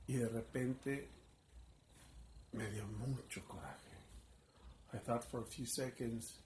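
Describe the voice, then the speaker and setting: Guy pastor telling his testimony, earnest, gets emotional, average pitch, bit of hiss behind. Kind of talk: personal testimony.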